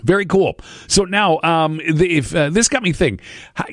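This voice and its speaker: A man's voice: a little high, moderate pace, no echo, clean studio sound. A man hosting a radio show, chatting casually and joking, with rambling restarts. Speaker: radio morning show host. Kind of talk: casual on-air chat.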